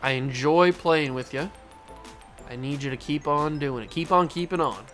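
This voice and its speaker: A fairly high-voiced man gives casual, running play-by-play of a baseball video game he is playing. He talks to the players and the game as if they could hear him. He swings quickly from muttering to excited yelling, with faint music underneath. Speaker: gaming channel host.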